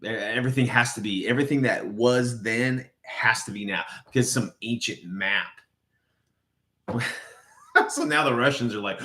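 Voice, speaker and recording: A man's voice: on the low side, normal speed, bright, forceful tone. A man hosting a casual livestream, rambling and profane as he greets viewers in chat by name. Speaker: livestream host.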